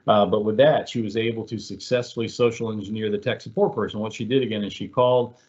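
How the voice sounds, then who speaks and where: A man's voice: lowish voice, fairly even intonation, quick pace, darkish tone, muffled recording. A man giving a webinar presentation in a casual, conversational way, telling examples with many fillers. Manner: conversational, filler-heavy, storytelling.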